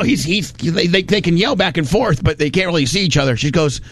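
A man's voice: a little high, animated, fairly quick, a bit bright. Folksy rambling storyteller man. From Indiana. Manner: rambling, folksy, restarts often. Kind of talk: casual storytelling.

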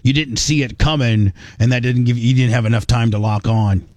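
A man's voice: medium pitch, steady tone, a little fast, a little mellow, no room sound. A man hosting a talk radio show, bantering crudely with frequent stammering restarts and a mock-clinical tone.

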